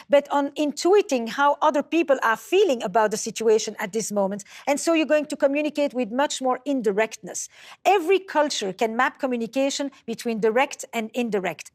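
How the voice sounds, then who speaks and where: High-pitched woman, measured lecturer, explains step by step. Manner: measured, explanatory, acts out quoted dialogue. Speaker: speaker on communication. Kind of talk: lecture-style talk.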